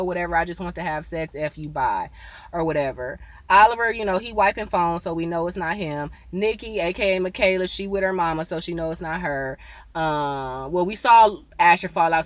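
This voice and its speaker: A woman, recapping a TV episode in a chatty, excitable way, often saying "y'all.". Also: mid-range voice, dry recording. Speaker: TV episode reviewer. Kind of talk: casual recap vlog.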